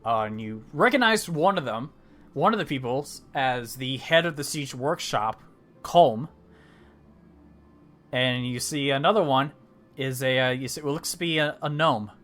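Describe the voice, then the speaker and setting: A man's voice: mid-range voice, expressive, measured pace, fairly bright tone. A man narrating a tabletop game as dungeon master, rambling with many fillers and restarts.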